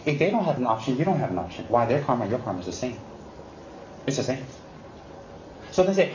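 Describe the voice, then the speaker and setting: A man teaching Buddhism in an unscripted talk, his fairly high voice lively and teasing as he mimics excuses and hammers home warnings. The recording is roomy and a little dull, with a faint hiss underneath. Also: normal speed. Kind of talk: unscripted dharma talk to students.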